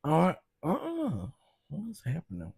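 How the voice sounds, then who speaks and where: A man hosting a casual live stream, greeting viewers by name and chatting in a loose, drawn-out way. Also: medium pitch, lively intonation, no room sound, studio quality. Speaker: livestream host.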